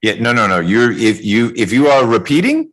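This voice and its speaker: A man's voice: mid-range voice, big pitch swings, moderate pace, fairly bright tone. A man presiding as judge in a courtroom, speaking plainly and patiently as he gives instructions. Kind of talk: courtroom proceedings.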